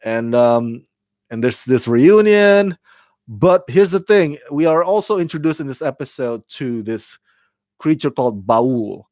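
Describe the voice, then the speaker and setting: A man's voice: mid-range voice, animated, unhurried, darkish tone, no room sound. A man reviewing a TV episode in casual chat, rambling with many restarts and fillers and laughing at his own slips. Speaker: TV show reviewer.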